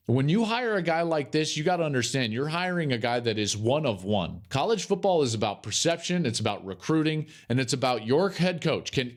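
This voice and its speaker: Male podcast host, animated, emphatic solo sports commentary, lively pitch. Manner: emphatic, repeats key phrases for effect. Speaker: podcast host and college football analyst.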